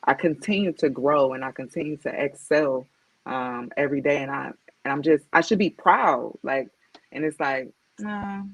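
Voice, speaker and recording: This guest author and motivational speaker has a rumbling low, breathy voice and keeps a moderate pace. She speaks directly on a podcast, reflecting candidly and performing the voices of people she quotes, in a dull, dry lo-fi recording.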